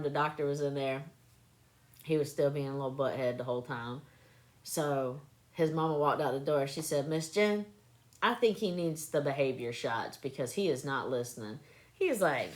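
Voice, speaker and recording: A woman casually telling animated anecdotes on a phone live stream, breaking into laughter as she goes. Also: low voice. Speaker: livestreamer recalling clinic work.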